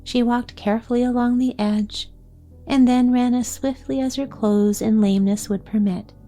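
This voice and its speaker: Calm woman reading a bedtime story. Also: fairly high pitch, moderate pace, soft background music. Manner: calm, gentle and even.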